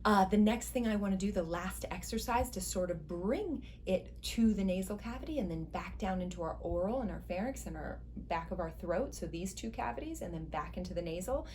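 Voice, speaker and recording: A woman's voice: mid-range voice, lively intonation, brisk, hardly any pauses, darkish tone, a little hiss or hum. A woman voice teacher giving an instructional singing lesson, guiding step by step with encouragement.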